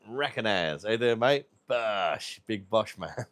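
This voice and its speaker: British man, very low voice, casual stream host, rambling, sweary. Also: lively intonation, takes it slowly, a bit bright. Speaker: livestream host. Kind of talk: casual livestream chat.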